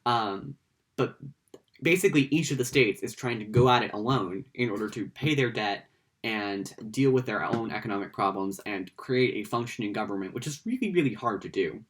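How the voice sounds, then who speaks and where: A man's voice: fairly low pitch, expressive, normal speed, a bit bright. A man giving a casual history lecture, conversational and playful, with frequent fillers and asides.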